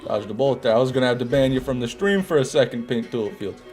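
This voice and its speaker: A man's voice: medium pitch, fast, a little mellow. Man, live-stream banter, sarcastic, joking, faint music behind. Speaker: streamer reading chat. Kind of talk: casual live-stream commentary.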